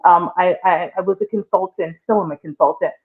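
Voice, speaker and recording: A woman's voice: lowish voice, fairly even intonation, brisk. A woman hosting a casual relationship talk show, speaking expressively and addressing the listeners directly. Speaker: host. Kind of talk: casual podcast discussion. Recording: tinny phone-like sound.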